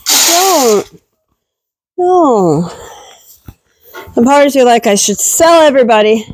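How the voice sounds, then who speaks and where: A woman's voice: sits high, lively intonation, takes it slowly, slightly rough, no room sound, low-quality recording. A woman goat farmer vlogging casually while doing barn chores, talking fondly to her goats and scolding them.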